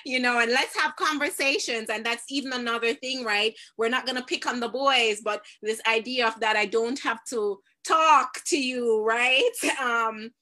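A middle-aged woman hosting a live discussion, animated and laughing often as she talks to parents and viewers. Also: fairly high pitch, normal speed, hardly any pauses. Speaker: host.

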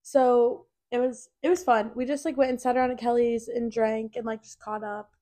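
A woman's voice: fairly high pitch, steady tone, moderate pace, mellow. A young woman in her twenties co-hosting a podcast, telling stories in a chatty way with lots of fillers. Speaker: podcast co-host. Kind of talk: casual chat.

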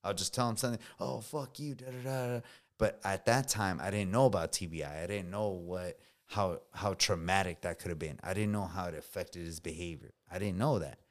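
A deep-voiced man in his thirties, a veteran appearing as a podcast guest, talks fairly quickly with few pauses. He tells stories casually and slangily, swearing freely and saying "bro" a lot.

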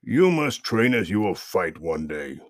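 A man voicing a gruff, stern older ninja trainer. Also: deep voice, big pitch swings, a little slow, no room sound, clean studio sound.

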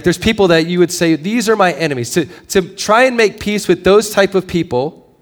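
A male pastor giving a sermon, moving between quiet storytelling and raised, emphatic preaching, with a conversational habit of asking "right?". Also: high voice. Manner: conversational, with fillers and frequent "right?".

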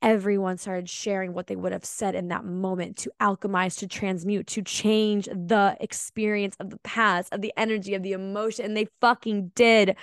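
A woman's voice: mid-range voice, smooth, no room sound, studio quality. A woman hosting a podcast, recounting her experience in a heartfelt, emphatic way and sometimes swearing for emphasis. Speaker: podcast host. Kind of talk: reflective podcast monologue.

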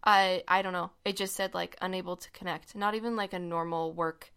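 A woman's voice: fairly low pitch, steady tone, fairly quick, fairly bright tone, smooth. A young woman hosting a casual podcast chat, explaining a conspiracy story with lots of fillers and laughs. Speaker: podcast co-host.

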